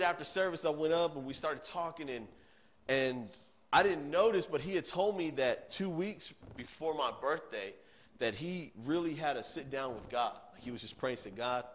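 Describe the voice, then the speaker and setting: Casting: man in his thirties, youth pastor at the pulpit, earnest storyteller, loud then hushed. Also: mid-range voice. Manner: earnest storytelling, swinging between loud emphasis and hushed tones. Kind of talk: sermon.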